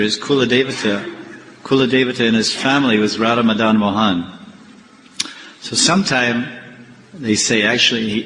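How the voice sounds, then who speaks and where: Man telling devotional stories in an echoey hall. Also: fairly low pitch. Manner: animated storyteller acting out the characters' lines. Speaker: Hare Krishna swami giving a class. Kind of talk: devotional storytelling lecture. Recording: echoey hall with faint noise.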